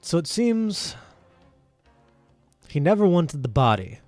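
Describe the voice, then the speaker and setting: A man's voice: on the high side, very animated, darkish tone, no echo, soft background music. A man doing a stern court interrogator. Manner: formal, measured questioning.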